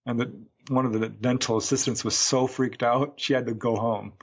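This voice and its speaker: A man's voice: medium pitch, steady tone, normal speed, husky, highs cut off. A man, a UFO researcher, recounting a case as a guest in a podcast interview, a chatty storyteller who acts out quotes.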